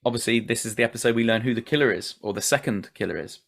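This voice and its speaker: A man's voice: medium pitch, racing, gravelly, a bit bright. A man hosting a casual podcast recap, chatty, laughing often and swearing casually. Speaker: podcast host.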